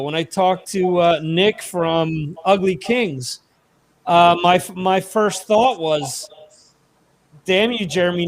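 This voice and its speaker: Rambling, high-voiced American man hosting. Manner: chatty, rambling with many restarts. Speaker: podcast host. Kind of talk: casual livestream chat.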